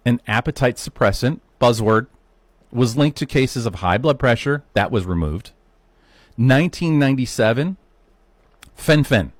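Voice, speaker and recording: Lively fifty-year-old man lecturing. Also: on the low side, no room sound. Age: 50s. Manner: animated, conversational, rhetorical asides to the viewer. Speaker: health talk host. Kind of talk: solo educational monologue.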